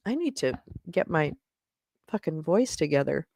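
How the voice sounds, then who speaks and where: A woman's voice: deep voice, sing-song, normal speed, a little mellow, dry recording, studio quality. A woman hosting a casual livestream, chatting in a scattered way and swearing and laughing as she fumbles with her setup. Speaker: livestream host.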